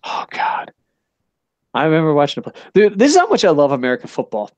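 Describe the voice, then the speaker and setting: A man's voice: a little high, wildly swooping pitch, quick pace, a little mellow, dry recording, highs cut off. A middle-aged man hosting a casual wrestling podcast, rambling and swearing with big enthusiasm and asking "you know what I mean?" again and again. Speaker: podcast host. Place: Japan.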